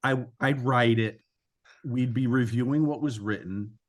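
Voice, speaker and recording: A man, a co-author and interview guest, recounting stories in a relaxed, explanatory way. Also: medium pitch, measured pace. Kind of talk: conversational storytelling.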